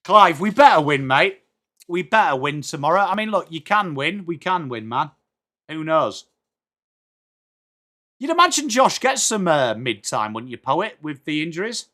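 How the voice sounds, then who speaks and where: A man with an English accent hosts a live football watchalong, chatting away to his viewers. He greets them by name and throws in jokes as he goes, his voice sitting slightly high for a man. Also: big pitch swings, moderate pace, pushed and bright. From England. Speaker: streamer hosting a football watchalong. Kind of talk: casual live-stream chat reading out viewer comments.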